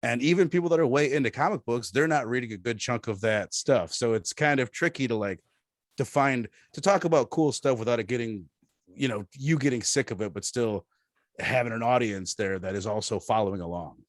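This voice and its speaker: A man's voice: mid-range voice, brisk, dry recording, studio quality. A man chatting casually as a podcast guest, rambling and often restarting his sentences.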